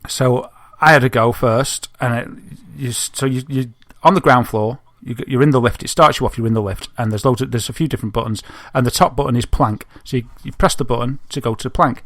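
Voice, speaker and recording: A man, co-hosting a podcast and telling an animated story, laughing often. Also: medium pitch, brisk, hardly any pauses, no room sound, clean studio sound. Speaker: podcast co-host. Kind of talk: casual chat, telling an anecdote.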